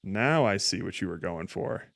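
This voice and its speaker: A man streams a game and talks through it, rambling, correcting himself and stumbling over words. His voice sits on the low side. The sound is dry and close, with no room around it. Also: animated, moderate pace, creaky, a bit bright, dry recording. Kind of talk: casual gameplay commentary.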